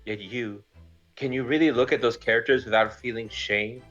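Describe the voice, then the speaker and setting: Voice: mid-range voice, fairly even intonation, normal speed, a bit bright, lightly acted. A player reading the lines of a young woman assistant in an earnest, accusing tone, over a dull mic with faint game music behind. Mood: reproachful.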